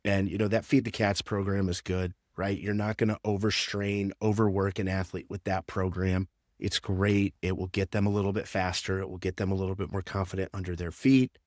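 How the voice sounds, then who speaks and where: A man's voice: low voice, little pitch movement, a little fast, darkish tone, dry recording, clean studio sound. A man who works as a strength and conditioning coach, explaining training in a casual podcast interview with lots of fillers.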